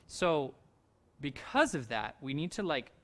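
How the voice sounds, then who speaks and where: A man leading a handbell rehearsal, coaching players through measures and singing the rhythms on nonsense syllables in a relaxed, encouraging way. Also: fairly high pitch, unhurried. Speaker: handbell director. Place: home, recorded for a virtual event.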